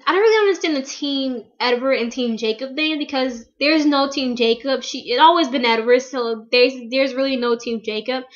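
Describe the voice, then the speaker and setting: A teenage American girl talks fast and loose in a casual fan vlog, gushing and rambling with endless fillers. Her voice sits high, and the recording is dull and lo-fi like an old webcam. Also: a bit bright. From United States. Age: teen. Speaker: vlogger.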